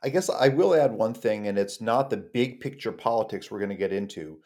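A man co-hosts a podcast in an unhurried voice. His voice sits somewhat low. He speaks in a reflective, measured way and weighs each point as he goes. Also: expressive, a little mellow. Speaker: podcast co-host. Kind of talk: conversational podcast discussion.

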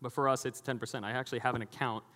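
A man's voice: medium pitch, fairly even intonation, very fast, bright, forceful tone. A middle-aged man preaching a sermon as pastor, conversational and jokey, acting out the voices he quotes. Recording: long hall reverb.

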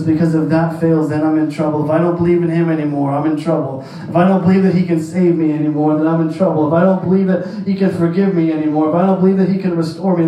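Male pastor, sermon, high voice, mellow tone, emphatic repeated phrases, distant mic, roomy echo. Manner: repetitive, emphatic preaching. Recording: echoey room, distant mic.

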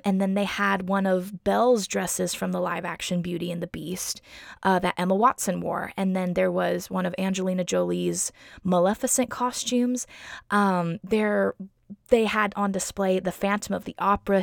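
Gushing young woman with heavy vocal fry. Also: medium pitch, no room sound, clean studio sound. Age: young adult. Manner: chatty, gushing, heavy use of "like" and "um". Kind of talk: casual personal storytelling.

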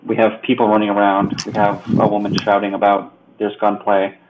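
A man playing in a tabletop game, describing his actions in a flat, matter-of-fact way. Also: on the low side, brisk, lo-fi sound, noisy background. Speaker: player. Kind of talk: tabletop game play, casual.

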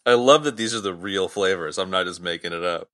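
A man's voice: low voice, brisk, sharp tone. A man co-hosting a podcast, joking and going off on playful tangents in casual movie chat. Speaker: podcast co-host.

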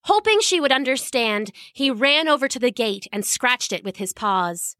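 A woman host narrating a children's storybook in a lively, expressive way. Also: on the high side, moderate pace, no echo, studio quality.

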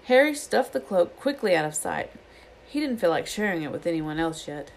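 With a creaky, fairly low voice and a moderate pace, a woman reads a children's book aloud, acting out each character's dialogue with lively voices. The recording sounds rough.

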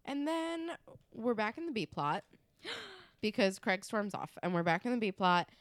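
A woman co-hosting a podcast, chatty and quick to laugh as she retells scenes. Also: on the high side, big pitch swings, no echo, clean studio sound. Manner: chatty, laughs often, many fillers. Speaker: podcast co-host. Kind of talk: casual podcast chat.

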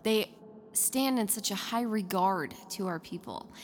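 A woman's voice: mid-range voice, a little slow, a little hiss or hum. A woman co-hosting a paranormal podcast, chatty and casual, with many fillers. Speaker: podcast co-host. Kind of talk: casual chat.

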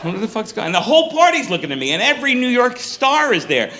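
Animated, profane man telling stories. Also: extremely high pitch, fast. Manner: animated and profane, laughing mid-story. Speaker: stand-up comedian. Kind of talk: stand-up storytelling.

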